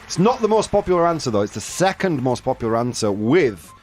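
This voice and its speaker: A man hosting a casual live-streamed chat show, jokey and animated, reading viewer comments aloud. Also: medium pitch, brisk, slight background noise. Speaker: show host.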